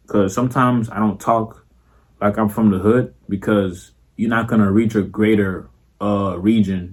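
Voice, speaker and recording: A man's voice: fairly low pitch, darkish tone. A young man with a Florida accent, talking casually and profanely to camera as a content creator, full of slang and filler tags. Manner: slangy and profane, repeats "you feel me".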